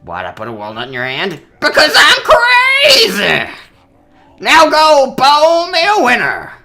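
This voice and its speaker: Manic eccentric game neighbor, high strained shout, bright and jumpy. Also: male voice, wildly swooping pitch, measured pace, faint music behind, exaggerated voice. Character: manic eccentric middle-aged male neighbor.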